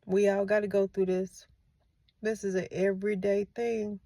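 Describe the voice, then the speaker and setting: Tearful woman with a gravelly voice. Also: mid-range voice, flat delivery, moderate pace, dry recording. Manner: soft, emotional, repeats phrases for comfort. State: tearful, has been crying. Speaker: grieving mother, channel host. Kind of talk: heartfelt faith-based vlog.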